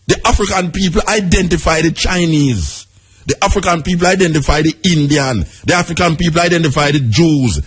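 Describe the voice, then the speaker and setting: A man's voice: on the high side, fairly bright tone, slightly rough. A Jamaican man giving an impassioned radio monologue in patois-laced speech, firing rhetorical questions at his listeners. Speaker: radio talk host. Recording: radio broadcast.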